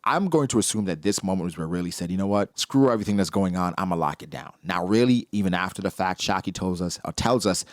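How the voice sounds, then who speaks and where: Low-voiced guy doing an animated comic chapter breakdown, lots of slang, voice bouncing all over, dry close mic. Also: quick pace, hardly any pauses, no echo. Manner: animated, slangy, jumps into high-pitched character impressions. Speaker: manga reaction host. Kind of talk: casual commentary.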